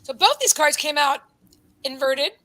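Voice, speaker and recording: A woman giving a live psychic card reading, rambling and breaking off mid-sentence, with quiet murmured asides. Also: sits high, animated, a little slow, low-quality recording. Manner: rambling, self-interrupting, drops into soft asides. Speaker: psychic reader.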